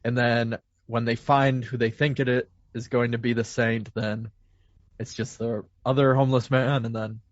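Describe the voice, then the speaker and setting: A man's voice: medium pitch, little pitch movement, normal speed, no room sound, lo-fi sound. A man co-hosting a podcast, rambling through a film plot with self-corrections. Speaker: podcast co-host. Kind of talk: casual plot recap.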